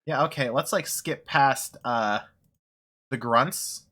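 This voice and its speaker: With a slow pace and a sharp tone, this mid-range voice belongs to a streamer rambling through casual gaming chat. There's frequent laughter and swearing.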